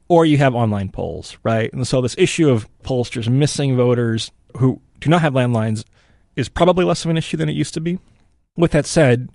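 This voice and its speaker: A man's voice: mid-range voice, darkish tone, dry recording, clean studio sound. A man analysing election forecasts in a casual podcast chat, thinking aloud and hedging with frequent "you know" and "right?".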